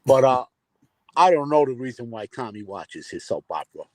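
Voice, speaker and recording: A man's voice: mid-range voice, very animated, normal speed, darkish tone, no room sound. Man telling a story on a dry line. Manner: storytelling, informal. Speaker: guest caller. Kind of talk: casual livestream chat.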